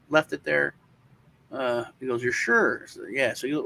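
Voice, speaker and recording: With a gravelly, mid-range voice at a moderate pace, this male co-host casually relates a long personal story. He throws in occasional swearing and animatedly mimics the voices of those involved.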